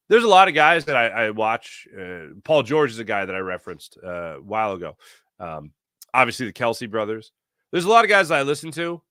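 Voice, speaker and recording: In this casual sports podcast, the male host talks solo with lots of animation and strong opinions, performing the voices he quotes. Pitch varies widely in a bright, forceful delivery, captured close and dry with no echo or room around it.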